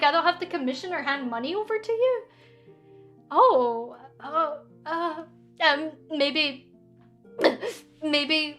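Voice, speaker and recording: A Scottish woman casually chatting on a live stream, reading out viewer questions in an excitable, cheeky, rambling way with lots of fillers. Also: high voice.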